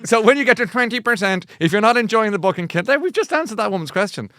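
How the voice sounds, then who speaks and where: A man's voice: high voice, fast talker. Chatty Irish man hosting a show. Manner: chatty, animated, laughing, self-mocking. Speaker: host. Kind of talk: casual chat.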